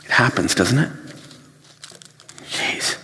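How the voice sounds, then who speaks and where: A pastor giving a sermon, telling everyday stories with lively acted-out asides. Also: male voice, takes it slowly. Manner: animated storytelling, acts out his own flustered inner voice. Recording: long reverb of a large hall.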